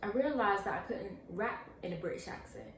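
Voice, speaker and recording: A woman's voice: mid-range voice, brisk. Chatty young woman in an echoey room. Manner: animated, chatty, acts out quoted voices. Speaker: vlogger answering viewer questions. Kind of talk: casual storytelling Q&A. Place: indoors at home, seated with a pillow. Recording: echoey room, mic at a distance, faint hiss.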